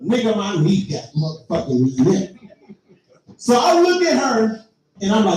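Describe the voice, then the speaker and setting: A man's voice: high voice, sing-song, measured pace, long pauses, darkish tone, slight background noise. A man telling a profane story in a stand-up comedy set, talking straight to the crowd. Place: live comedy venue. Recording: echoey room, heard from far off.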